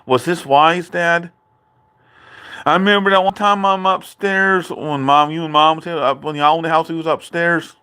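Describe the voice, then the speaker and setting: A man's voice: a little high, fairly even intonation, normal speed, sharp tone, smooth. A man ranting in a political commentary vlog, indignant and repetitive, speaking directly to his father. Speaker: video creator.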